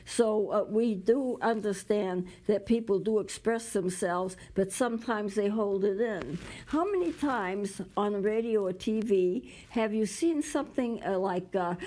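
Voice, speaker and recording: A woman's voice: medium pitch, a little slow, few pauses, dark tone, poor audio. A woman hosting a community TV talk show, explaining ideas with everyday examples and stopping now and then to cough. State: coughing at times. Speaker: show host.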